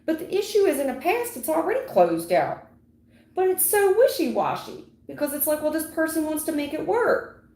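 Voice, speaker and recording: A woman giving a livestream tarot reading in a dramatic, repetitive way, acting out sudden endings with loud exclamations. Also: high-pitched, very animated, normal speed. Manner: dramatic, repetitive, full of sound effects. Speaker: tarot reader. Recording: echoey room.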